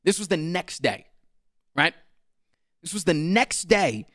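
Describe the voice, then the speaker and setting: A man's voice: on the high side, very animated, takes it slowly, a bit bright, no room sound, clean studio sound. A man telling a story as a streamer, exasperated and swearing, often mocking the people involved. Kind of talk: animated storytime rant.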